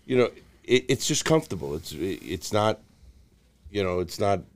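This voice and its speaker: A man's voice: fairly low pitch, big pitch swings, moderate pace. A middle-aged man telling stories as a podcast guest, blunt and profane, with many restarts. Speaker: podcast guest, former jewel thief. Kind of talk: casual storytelling interview.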